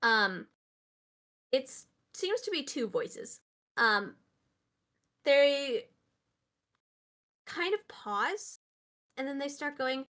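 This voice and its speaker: A woman's voice: high voice, sing-song, extremely slow, pauses often, fairly bright tone. A woman narrating as game master of a tabletop game, casual, with many fillers.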